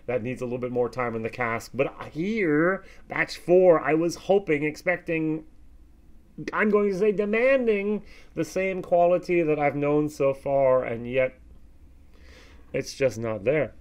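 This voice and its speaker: An American man giving a casual whisky tasting review, with animated, expressive reactions and plenty of fillers. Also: fairly high pitch, measured pace. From United States.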